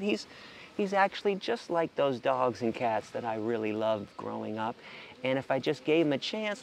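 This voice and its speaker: Speaking at a moderate pace in a slightly high, creaky voice, a vegan animal rights advocate grows animated as he discusses animal sanctuaries. His casual monologue is full of stammered restarts and the occasional curse.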